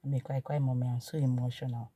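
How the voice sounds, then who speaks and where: In a very deep, husky voice and at a quick pace, a thirtysomething woman with a Nigerian accent shares a personal testimony on her vlog. Her telling is emotional and repetitive, shifting from lively to hushed, with no echo in the sound.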